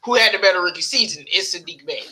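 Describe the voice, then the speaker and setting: A man co-hosting a casual basketball podcast, talking in an animated, excitable way and laughing often. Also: high voice, quick pace, a crowd in the background, poor audio. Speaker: podcast co-host. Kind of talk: casual sports talk.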